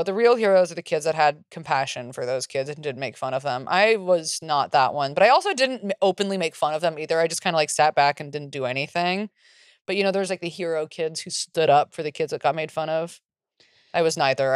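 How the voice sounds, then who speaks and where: A woman co-hosting a podcast, chatting casually in a candid, profane way with a low voice. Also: clear, resonant tone, no room sound, clean studio sound. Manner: candid, profane, quick to laugh. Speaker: podcast co-host. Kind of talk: casual chat.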